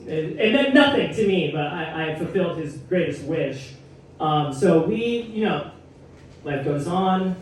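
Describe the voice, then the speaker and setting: On a comedy club stage, a male comedian with a fairly high voice delivers a stand-up set, telling a story conversationally with wry asides. The sound is echoey and distant, as if from a live room, with slight background noise.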